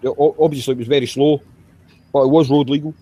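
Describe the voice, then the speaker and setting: A man's voice: mid-range voice, fairly even intonation, fast, warm tone. A man chatting casually, hesitant and often repeating words. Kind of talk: casual chat.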